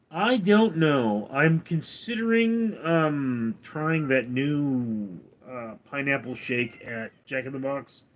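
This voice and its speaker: Deadpan man reading his chat aloud. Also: mid-range voice. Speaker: live streamer answering chat. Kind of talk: casual live-stream chat.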